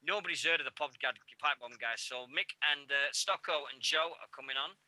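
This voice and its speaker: A man's voice: on the high side, a little fast, pushed and bright, no room sound. A man with a Yorkshire accent co-hosting a radio show, talking in casual, rambling, jokey banter. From Yorkshire, England.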